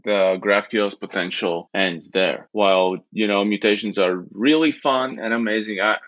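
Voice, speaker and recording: Soft-spoken man on dull, dry audio. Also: on the low side, no echo. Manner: measured, slightly hesitant, laughs easily. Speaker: lead engineer, podcast guest. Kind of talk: casual technical podcast chat.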